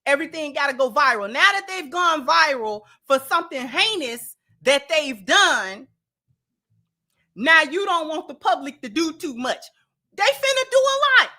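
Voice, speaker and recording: Addressing her viewers directly, a woman hosts a casual commentary show. Her voice is very high and bright with a sharp edge, and she's animated, emphatic, and heavy on slang.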